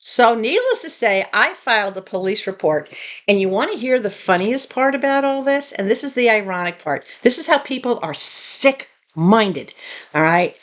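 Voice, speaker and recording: Animated high-voiced woman vlogger. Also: normal speed. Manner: animated, indignant retelling. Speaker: tiny home vlogger. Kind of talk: casual storytelling to viewers.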